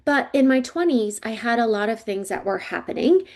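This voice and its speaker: Chatty and relaxed, a woman in her forties who works as a psychic coach recounts her life story in an interview, her voice fairly high and her pace moderate. When quoting others, she shifts into lively voices.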